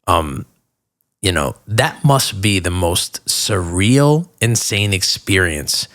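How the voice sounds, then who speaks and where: A man hosting a casual podcast, eager and quick to gush about his guest. His voice is bright and forceful, and he asks long, winding questions. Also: low-pitched, animated. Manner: enthusiastic, gushing reactions. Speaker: podcast host.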